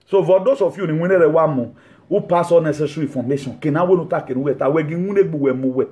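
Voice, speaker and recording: A man preaching a sermon, mixing laughing asides with shouted rebukes. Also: a little high, a little fast.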